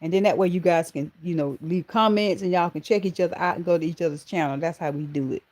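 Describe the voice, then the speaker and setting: A woman's voice: lowish voice, fast, darkish tone. A middle-aged woman with a Southern American accent, hosting a live stream and chatting with viewers, calling them honey and baby. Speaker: channel host.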